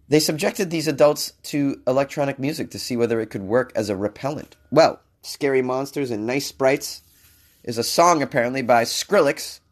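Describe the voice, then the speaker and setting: A man talking over a science story in a loose, comedic way, tossing in sarcastic side remarks. His voice sits in a middle pitch, and his talk stays casual and off the cuff. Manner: jokey, sarcastic asides, mock-crooning bits. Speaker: commentator reading a news story.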